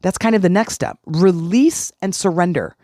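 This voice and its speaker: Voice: mid-range voice, normal speed, darkish tone, dry recording, clean studio sound. A middle-aged podcast host giving a self-help talk, earnest and repeating key phrases for emphasis.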